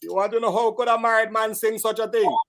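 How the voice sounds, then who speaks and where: A man's voice: high voice, steady tone, fast talker. A man with a Vincentian accent, a calypsonian and parang singer talking playfully about his songs. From St Vincent and the Grenadines. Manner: playful, bawdy, shouting out lines.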